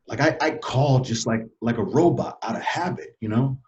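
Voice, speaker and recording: Earnest guy telling his story on a podcast, kinda muffled lo-fi audio, middle pitch. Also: brisk, hardly any pauses. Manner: earnest, animated storyteller with frequent laughs. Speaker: podcast guest. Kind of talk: casual storytelling interview. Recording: dull lo-fi sound.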